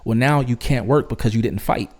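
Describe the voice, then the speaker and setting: A man's voice: medium pitch, fairly quick, a little mellow. A man hosting a commentary channel, reacting to clips in an emphatic, argumentative, lecturing way.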